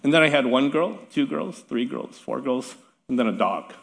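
A man's voice: mid-range voice, expressive, moderate pace, gravelly. A middle-aged male pastor preaching a sermon in a chatty, self-deprecating way with light laughs. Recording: long hall reverb.

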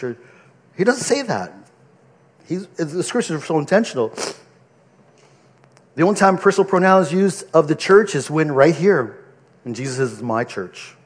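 A man's voice: on the high side, big pitch swings, moderate pace, breathy edge, in a large hall. Earnest male pastor preaching. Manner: earnest, conversational preaching with frequent restarts. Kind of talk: sermon. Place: church pulpit.

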